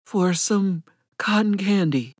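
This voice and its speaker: A woman voicing a desperate homeless man with a ragged, croaking voice, pleading. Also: mid-range voice, slow, darkish tone, no room sound, clean studio sound.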